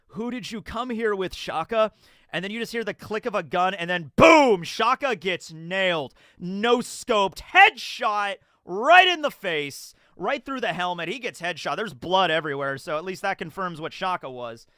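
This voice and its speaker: A man hosting a live chapter reaction, rambling and correcting himself, now and then jumping into quick character voices. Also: sits high, expressive, pushed and bright, clear, resonant tone, no echo, studio quality. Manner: rambling, self-correcting, bursts into acted character lines. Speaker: reaction channel host.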